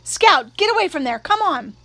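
A cocky older boy who bosses his younger sister around and shouts at her when riled, put on by a woman reading the story. The voice sits high and bright. It comes across as a child's voice in a spoken storybook. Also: animated, moderate pace. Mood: yelling. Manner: shouting, scolding.

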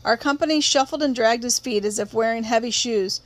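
A woman reading a novel aloud in a steady, measured storytelling manner. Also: on the high side. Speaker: audiobook reader.

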